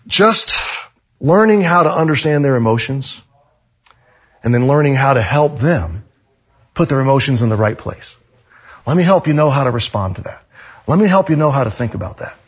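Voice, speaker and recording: A man's voice: medium pitch, normal speed, pauses often, husky. A male pastor preaching a sermon, telling stories animatedly and acting out the dialogue on a slightly muffled recording. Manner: animated storytelling, acts out dialogue.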